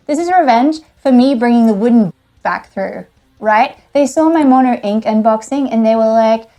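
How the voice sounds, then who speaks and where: A woman's voice: on the high side, normal speed, dark tone. Aussie woman vlogging an unboxing, dry sarcastic rants, laughs a lot, bit of music under it. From Australia. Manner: sarcastic, exasperated, laughing often. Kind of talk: casual unboxing vlog.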